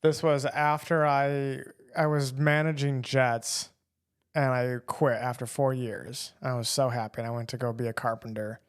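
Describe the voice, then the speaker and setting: A man in his twenties, a guest on a podcast, answering in a casual, relaxed way. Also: medium pitch, moderate pace, clear, resonant tone. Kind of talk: casual chat.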